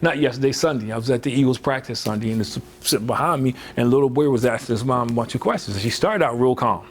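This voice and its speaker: Give me a man at an average pitch giving an animated, chatty motivational talk, with a faint hiss behind. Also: fast. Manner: conversational, fills with "you know", acts out quoted voices. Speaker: motivational speaker.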